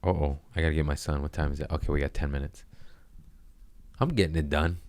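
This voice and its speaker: A man's voice: a bass voice, fairly even intonation, quick pace, a little mellow, no room sound. A man hosting his own podcast, rambling crudely in a casual monologue and laughing at his own jokes. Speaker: podcast host.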